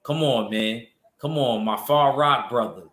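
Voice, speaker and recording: A man's voice: medium pitch, a little slow, fairly bright tone, roomy sound. A man hosting a casual boxing livestream, rambling loosely and answering his chat. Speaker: boxing show host reading chat.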